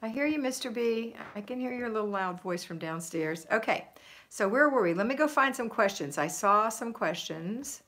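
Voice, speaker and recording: A woman's voice: a little high, lively intonation, normal speed, fairly bright tone. Chatty woman. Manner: chatty, reads viewer comments aloud, laughs easily. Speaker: livestream host. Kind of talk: casual live-stream chat. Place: home.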